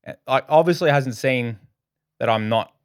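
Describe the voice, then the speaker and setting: Casting: Australian man, podcast co-host, animated storyteller who swears freely, mid pitch, dry close mic. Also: moderate pace, clean tone, dry recording. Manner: animated, heavy swearing, acts out his own quotes. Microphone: podcast microphone.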